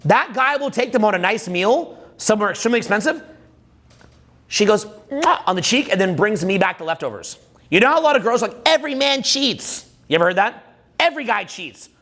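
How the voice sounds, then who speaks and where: A man in his forties, a dating coach, giving a live seminar talk from a stage in an animated, profane, conversational way that keeps checking in with "right?". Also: high voice, fast talker.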